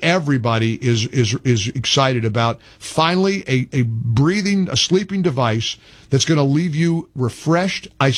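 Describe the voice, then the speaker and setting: A man's voice: a little high, no echo. Male radio host doing a chatty ad read. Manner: enthusiastic, stumbling restarts.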